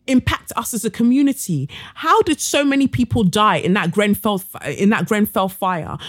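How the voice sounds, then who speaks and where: Casting: outspoken London woman podcast host, blunt and fired up. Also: mid-range voice. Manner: blunt, indignant, swears freely. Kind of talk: ranting monologue.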